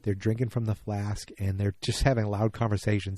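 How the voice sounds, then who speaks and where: A man's voice: lowish voice, flat delivery, fairly quick, a little mellow. A man hosting a casual solo podcast, recapping an episode in a rambling, self-correcting way. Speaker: podcast host.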